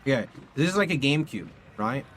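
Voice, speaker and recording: A young man streaming from his home setup, telling a rambling, animated story to his live chat and swearing casually into a studio mic. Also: mid-range voice, brisk, soft background music. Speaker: video game streamer. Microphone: condenser studio mic.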